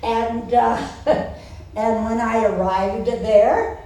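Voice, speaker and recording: Slow wry woman in her nineties. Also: fairly high pitch, fairly even intonation, warm tone. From Boston, USA. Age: 90s. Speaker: cabaret performer. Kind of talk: live comic storytelling. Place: theater stage. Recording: echoey theater, far from mic.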